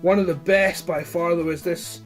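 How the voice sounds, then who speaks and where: A man's voice: a little high, fairly even intonation, moderate pace, soft background music. A man chatting casually about his toy collection, rambling and blunt with plenty of swearing. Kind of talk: casual chat.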